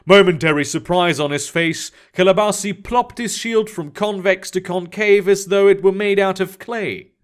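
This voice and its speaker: A man's voice: high voice, normal speed, few pauses, clear, resonant tone. Man narrating first-person fiction. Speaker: audiobook narrator.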